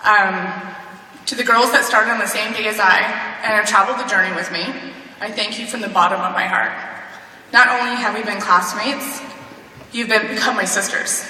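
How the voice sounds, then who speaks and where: A woman's voice: mid-range voice, fairly even intonation, normal speed, slight background noise. Young woman giving a speech in a hall. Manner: tearful, warm, fighting back tears with nervous laughs. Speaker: graduation speaker. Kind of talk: emotional graduation speech. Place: large hall. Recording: echoey hall, heard from far off.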